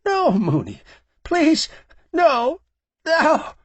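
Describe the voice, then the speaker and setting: A man voicing a terrified male gambler who begs for his life in a high, pleading voice. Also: wildly swooping pitch, very slow, no room sound, exaggerated voice. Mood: sobbing.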